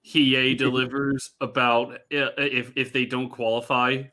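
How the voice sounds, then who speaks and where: A man co-hosting a casual review podcast, halting with restarts and laughing often. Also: mid-range voice, flat delivery, bright, forceful tone. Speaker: podcast co-host.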